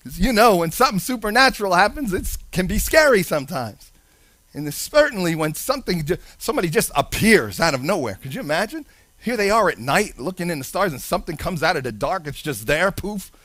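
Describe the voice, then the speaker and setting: A man preaching a sermon with animated delivery, acting out Bible characters in playful voices. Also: high-pitched, brisk, no room sound. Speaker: pastor.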